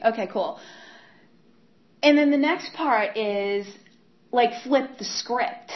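A woman giving a candid personal testimony about her recovery, talking in a halting way with many repeats and fillers. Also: on the high side, lively intonation. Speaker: speaker sharing her recovery story. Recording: dull lo-fi recording.

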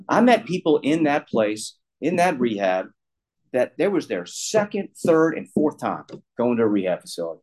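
A man's voice: mid-range voice, big pitch swings, moderate pace, a little mellow, low-quality recording. A middle-aged man candidly telling a personal story, rambling and self-deprecating, often restarting his sentences. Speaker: guest sharing recovery story.

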